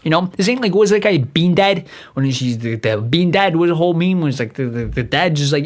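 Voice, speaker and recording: Fast-talking profane man ranting. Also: on the high side, lively intonation. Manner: rambling, profane, stumbles and restarts often. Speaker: podcast host. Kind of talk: profane solo rant.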